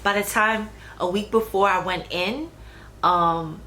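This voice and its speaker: A woman's voice: mid-range voice, slow, sharp tone, poor audio. A young adult woman talking casually about her own pregnancy, chatty, with fillers and restarts. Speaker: vlogger. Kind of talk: casual personal storytelling. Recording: faint background noise.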